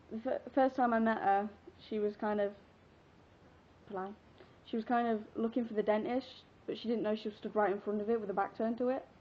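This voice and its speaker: A sixteen-year-old girl from England telling a personal story in a casual, chatty, giggly vlog, rambling with fillers. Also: a little high. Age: teens. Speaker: vlogger. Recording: dull lo-fi webcam audio.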